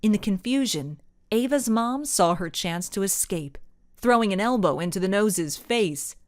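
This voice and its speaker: A woman reading a children's mystery audiobook aloud as narrator, with expressive storytelling. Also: mid-range voice, moderate pace, no echo, clean studio sound. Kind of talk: scripted narration.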